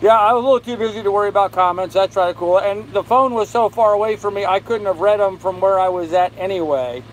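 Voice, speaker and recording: An older man hosting a casual live stream from his boat, tired and unhurried, greeting viewers by name as he reads their comments. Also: high voice, low-quality recording. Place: on a sailboat with air conditioning and fan running. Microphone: phone. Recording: faint fan and air-conditioner hum behind.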